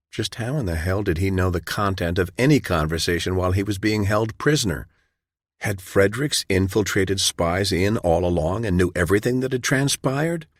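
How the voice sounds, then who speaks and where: A man narrating an audiobook in a measured, even storytelling way. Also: sits low, no echo, studio quality. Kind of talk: scripted narration.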